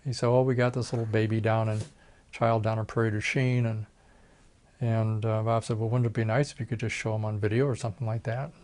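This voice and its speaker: A man's voice: on the low side, level tone, brisk, darkish tone. An older man, a retired plastic surgeon, telling folksy stories in an oral history interview and acting out the voices of people he quotes.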